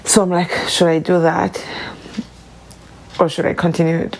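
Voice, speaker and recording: South African woman, podcast host, low gravelly voice, halting and emotional solo talk. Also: little pitch movement, darkish tone, poor audio.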